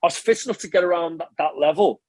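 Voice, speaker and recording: Recalling his rugby career as a podcast guest, this man in his thirties rambles through memories quickly and talkatively, often using fillers and correcting himself mid-thought. His slightly husky voice sits a little high for a man and has a darkish tone. The mic is close, the room dry and dead, with no room sound.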